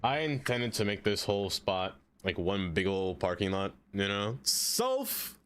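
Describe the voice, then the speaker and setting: A man streaming a game live, chatting casually with his viewers, laughing often and jumping into high excited exclamations. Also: moderate pace, clean tone. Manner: chatty, laughs often, talks straight to chat.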